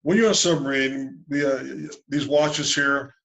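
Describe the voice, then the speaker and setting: A man's voice: mid-range voice, fairly even intonation, moderate pace, fairly bright tone, poor audio. A man in his sixties, a submarine veteran, telling good-humored anecdotes in a rambling way over a video call. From United States. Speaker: submarine veteran and loan officer. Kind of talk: casual storytelling interview.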